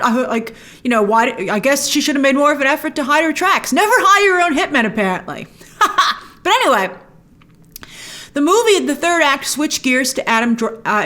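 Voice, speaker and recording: A woman hosting a spoiler movie review, opinionated and animated, acting out lines she quotes. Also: a little high.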